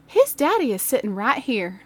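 A woman's voice: fairly high pitch, very animated, moderate pace, voice pushed up. A woman voicing a firm mother answering a teacher's phone call. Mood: brisk.

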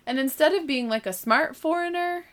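A woman's voice: high voice, moderate pace. Chatty young Southern American woman. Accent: Southern American, mild. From southern United States. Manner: chatty, lots of "like" and "you know", self-mocking. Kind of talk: casual anecdote.

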